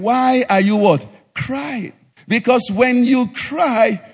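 High-voiced pastor preaching call-and-response. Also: male voice. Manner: call-and-response preaching, asks the congregation to finish sentences; sing-song rising delivery at climaxes. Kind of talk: sermon. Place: church. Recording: live church hall with reverb and faint music.

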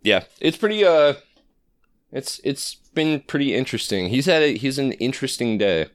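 A man's voice: medium pitch, big pitch swings, moderate pace, clean tone, no echo. A man from Iowa co-hosting a podcast, chatting casually about politics, joking and laughing often. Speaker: podcast host.

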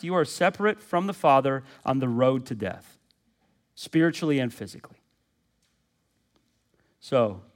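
A man preaching a sermon as pastor, stressing points through repetition and questions to the congregation, swinging between loud high urgency and low quiet stretches.

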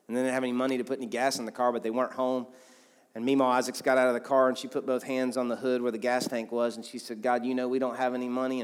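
A man, a pastor telling stories in a sermon in a loose, conversational way with many asides. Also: medium pitch. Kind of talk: sermon storytelling. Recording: long hall reverb.

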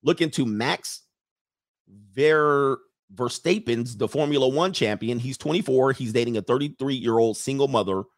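A man hosting a live stream reads viewer comments aloud and riffs on them, loose and joking, talking straight to the chat as casual commentary. His mid-range voice moves at a moderate pace, with clean studio sound and no room sound.

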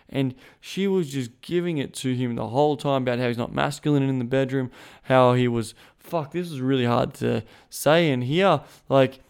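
A man's voice: medium pitch, darkish tone, clean tone. A man hosting a podcast as a sexuality coach, talking in a frank, emphatic and profane way, with many restarts. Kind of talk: casual monologue.

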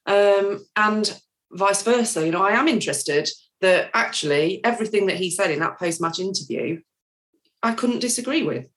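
A woman's voice: medium pitch, expressive, moderate pace. A woman talking football in a hesitant way, with many ums and restarts. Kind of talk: casual chat.

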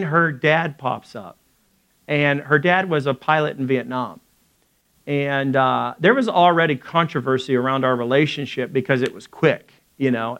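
A middle-aged man preaches in a relaxed, storytelling way. His voice sits in a mid range, and he throws in quick asides and voices for the people in his story. He ends by leading a prayer. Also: medium pitch, gravelly. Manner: lively storytelling with acted quotes and quick asides. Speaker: pastor.

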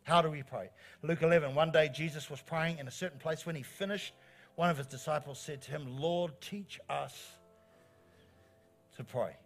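A middle-aged man, preaching a sermon as pastor in an animated, encouraging way, repeating phrases for emphasis. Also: a little high, a little fast, soft background music. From New Zealand.

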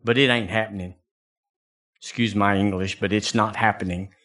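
A middle-aged man preaching a sermon, folksy and storytelling, swinging from soft asides to loud exclamations. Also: lowish voice, fairly even intonation, moderate pace. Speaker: pastor.

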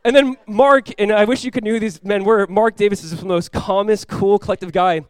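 A man, a pastor telling a lively personal story in a sermon, often laughing as he talks. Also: sits high, a little fast, clean tone, no room sound.

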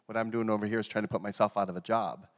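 A man's voice: fairly low pitch, steady tone, racing, in a large hall. A man interviewing a guest, a therapist by trade, reflecting her words back and affirming them. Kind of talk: conversational interview.

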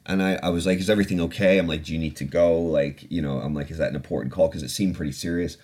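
A man's voice: deep voice, fairly even intonation, rapid-fire, a little mellow. A man hosting a podcast, telling a personal story in a candid, profane, reflective way. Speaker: podcast host. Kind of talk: casual storytelling.

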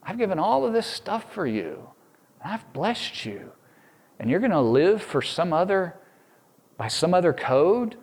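A man's voice: sits high, very animated, a little slow, a little mellow, husky, voice pushed up, full character voice. A man voicing God as an exasperated, hurt figure, pleading with his people in rising, incredulous questions.

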